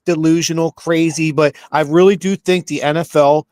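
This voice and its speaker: A man's voice: a little high, steady tone, normal speed, darkish tone, no echo. A man, co-hosting a podcast and ranting about a game in a profane, heated way, repeating himself. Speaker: podcast co-host. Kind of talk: casual sports rant.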